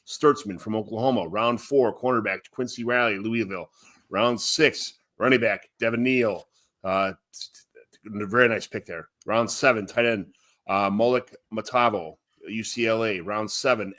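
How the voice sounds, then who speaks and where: A man co-hosting a casual sports podcast, reading through lists in a relaxed way with fillers. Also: lowish voice. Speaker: podcast co-host.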